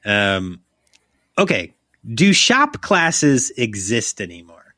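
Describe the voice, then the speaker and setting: A man's voice: fairly low pitch, very animated, takes it slowly, pushed and bright, dry recording, studio quality. A young man co-hosting a podcast, chatting loosely and profanely, joking and reading a plot summary aloud. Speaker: podcast co-host.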